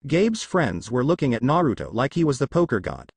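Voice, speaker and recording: A man reading a fan fiction story aloud in an even, matter-of-fact way. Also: medium pitch, brisk, husky, no room sound. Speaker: narrator.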